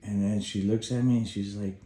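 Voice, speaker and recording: Animated father telling a story, echoey room. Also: on the low side, moderate pace. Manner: animated, acts out his own past shouts. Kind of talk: personal storytelling.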